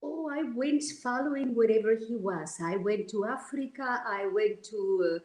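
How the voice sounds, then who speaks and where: A woman from Argentina, sharing personal stories as a guest in a heartfelt, animated way. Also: on the high side, a little slow. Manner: heartfelt, animated, many restarts. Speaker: interview guest. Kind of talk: personal storytelling. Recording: roomy echo.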